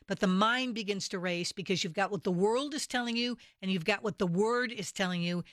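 Lady radio host, measured and articulate, dry studio mic. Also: medium pitch, fairly bright tone, no room sound. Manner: measured, articulate, quotes literature. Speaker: radio talk show host. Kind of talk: scripted radio interview. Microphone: studio microphone.

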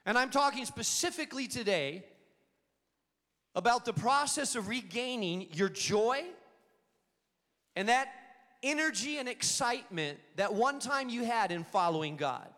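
A man preaching a sermon to an auditorium, telling a story and acting out the quoted lines with lively energy. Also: extremely high pitch, unhurried, pauses often. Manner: storytelling, animated, acts out quotes. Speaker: pastor. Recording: long reverb of a hall.

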